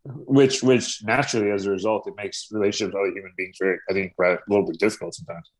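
A man's voice: lowish voice, steady tone, racing. A young man co-hosting a casual podcast chat, talking hesitantly with many repeated fillers and restarts. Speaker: podcast co-host.

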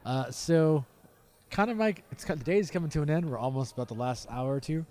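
A man's voice: fairly high pitch, a little fast, mellow. A man co-hosting a podcast, chatting playfully and laughing often while at a fan convention. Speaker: podcast co-host. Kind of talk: casual chat at a fan convention.

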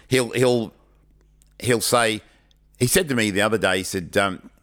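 A man's voice: fairly low pitch, measured pace. A middle-aged Australian man, a teacher and podcast co-host, animatedly telling classroom stories in a casual chat. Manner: animated storyteller who acts out the people in his anecdotes.

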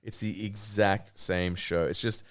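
A man co-hosting a podcast in casual chat, animated and swearing freely, acting out scenes in put-on voices. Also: on the low side, unhurried. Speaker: podcast co-host.

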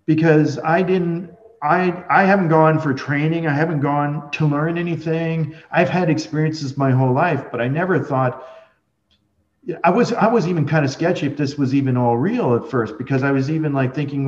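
A man's voice: on the high side, a little hiss or hum. A man, a guest on a podcast, telling a long rambling story in a casual way, with many restarts and fillers. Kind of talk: conversational storytelling. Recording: roomy, dull lo-fi audio.

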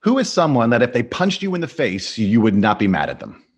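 A man hosting a casual interview, enthusiastic and firing off quick questions. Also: mid-range voice, huge pitch swings, slightly rough, lo-fi sound. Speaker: podcast host.

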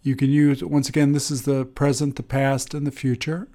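A man teaching an English grammar lesson, explaining step by step with pauses and fillers. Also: medium pitch, little pitch movement, mellow. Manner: slow, deliberate, with pauses and fillers.

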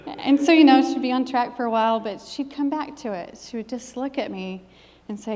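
A middle-aged woman gives a sermon and shares her own testimony. She speaks with an earnest, emphatic preaching rhythm at a medium pitch. Her voice carries long reverb, as in a church hall. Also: moderate pace, few pauses, darkish tone.

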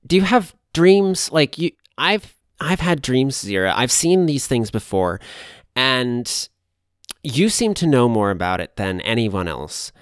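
A woman voicing an earnest young half-alien character who talks in a halting, searching way. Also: extremely low pitch, big pitch swings, smooth, no room sound, studio quality, heavily acted.

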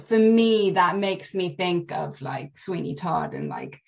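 A woman's voice: fairly low pitch, expressive, a little slow, vocal fry. A woman actor chatting as a podcast guest, telling stories from filming with light laughter. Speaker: actress guest. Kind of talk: casual podcast interview.

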